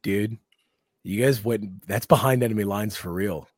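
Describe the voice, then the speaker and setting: A man with a slightly husky, breathy voice at a middling pitch, chatting on a comedy podcast. He tells stories with lots of energy and jumps into loud impressions of other people. The sound is dry and close to the mic. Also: normal speed, no room sound. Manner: animated storytelling, acts out quotes in raised voices. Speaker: podcast co-host. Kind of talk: casual comedy podcast chat.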